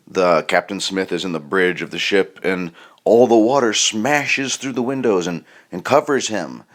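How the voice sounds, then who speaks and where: Rambling deadpan male comedian. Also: on the low side. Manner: deadpan, meandering, bursts into loud mock-shouted line readings. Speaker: comedian, podcast host. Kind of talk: rambling comic monologue.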